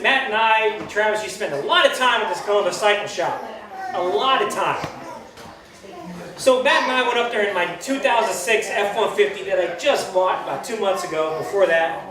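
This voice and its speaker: A man telling rambling, laughing stories at a birthday roast in front of a crowd. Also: sits high. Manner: rambling, laughing through his own stories. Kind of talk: storytelling to a party crowd. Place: large hall at a birthday party. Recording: echoey hall, distant mic, crowd noise.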